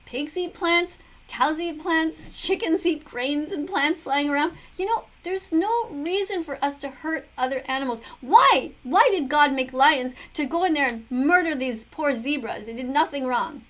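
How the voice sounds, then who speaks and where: A woman's voice: high voice, a little slow, a bit bright. A middle-aged woman giving preachy, earnest commentary on a video, full of rhetorical questions. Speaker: vegan commentator reacting to a video. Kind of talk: casual commentary to camera.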